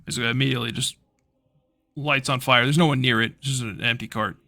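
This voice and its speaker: A man's voice: medium pitch, fairly even intonation, quick pace, gravelly, bright, forceful tone, no room sound, clean studio sound. A man narrating a tabletop game as game master in a casual, loose way with frequent swearing. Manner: casual, swearing, hesitant fillers.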